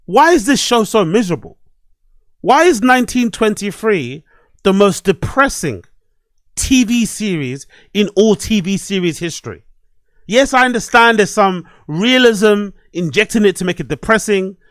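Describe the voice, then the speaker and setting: A man with a high voice hosts a solo commentary podcast, ranting at his desk microphone. He swears freely and repeats lines for emphasis. The sound is dry and close. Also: moderate pace, no room sound. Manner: animated, swearing, repetitive ranting. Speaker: podcast host. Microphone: desk microphone and webcam.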